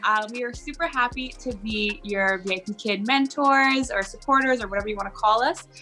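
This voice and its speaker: Upbeat woman teaching mentor, slightly high, bright tone, faint music under. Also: brisk. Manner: upbeat, encouraging. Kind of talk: instructional video chat.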